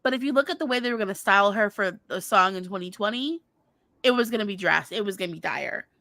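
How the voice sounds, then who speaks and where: A woman's voice: mid-range voice, lively intonation, fast, pushed and bright, no echo. A woman co-hosting a podcast in casual chat, chatty, laughing often and trailing off mid-sentence. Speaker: podcast co-host.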